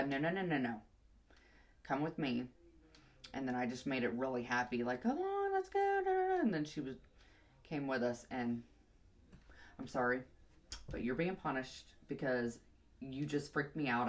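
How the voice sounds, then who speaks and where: A young woman vlogger telling a long casual story while doing her hair, rambling and chatty, sometimes muttering to herself. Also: rumbling low.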